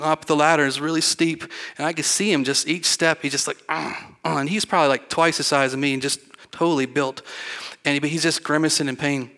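In a church sanctuary, a middle-aged pastor delivers a storytelling sermon in a rambling, folksy style, acting out the people he quotes. His voice runs on the high side and sounds pushed and bright.

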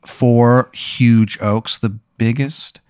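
A man's voice: medium pitch, steady tone, extremely slow, darkish tone, clean tone, no room sound, clean studio sound. A man telling a rambling, absurd hypothetical in casual talk, full of fillers. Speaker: podcast co-host. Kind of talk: casual improvised storytelling.

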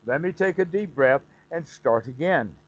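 A man's voice: on the high side, animated, moderate pace. Man teaching meditation over dull call audio. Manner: explanatory, voices the mind's self-talk in quotes.

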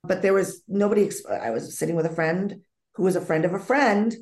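A woman speaks in a low, gravelly voice as a guest in an interview. She tells her story vividly, acting out what each person said and often restarting her sentences. The room adds a noticeable echo. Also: a little fast, a little mellow. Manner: vivid storytelling that acts out dialogue, with frequent restarts. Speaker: psychic medium guest.

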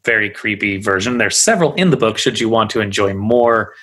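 Male podcast host, casual and rambling, lowish voice. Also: animated, a little fast, sharp tone, rough recording. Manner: chatty, rambling with many fillers. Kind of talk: casual storytelling chat.

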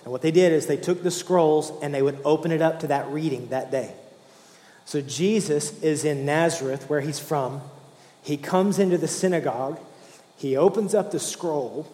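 A man preaching a sermon, emotional, swinging from hushed, slow lines to fervent ones. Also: fairly high pitch. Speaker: pastor. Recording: echoey hall, roomy.

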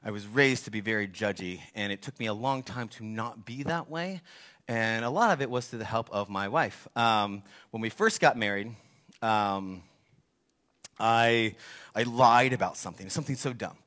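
A man in his forties preaching a sermon, telling a candid, self-deprecating story with animated asides. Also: on the low side, normal speed. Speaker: pastor.

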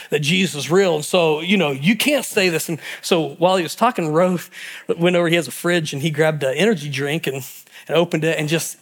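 A pastor preaching a sermon and telling stories with animated energy, acting out the people in them. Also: male voice, a little high, slightly rough. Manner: animated storytelling, acting out voices in quotes.

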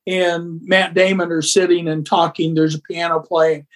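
A man with a high speaking voice, chatting loosely on a podcast. He tells teasing stories and jokes about old times with friends. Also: little pitch movement, moderate pace. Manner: joking storyteller, teasing. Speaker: guest. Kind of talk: casual chat.

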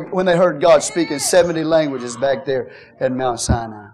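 Fervent preacher, male, high-pitched, rouses the congregation with calls and shouts. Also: steady tone, normal speed. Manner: fervent preaching with call-and-response, shouting at peaks. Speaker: pastor. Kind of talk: sermon.

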